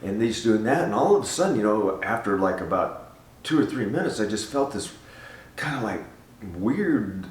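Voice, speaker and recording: Older man, low voice, earnest testimony storyteller, recorded roomy and off-mic. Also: moderate pace, a little hiss or hum. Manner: earnest, animated storyteller who repeats himself. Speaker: guest giving a testimony. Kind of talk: casual spoken testimony. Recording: roomy sound from a distance.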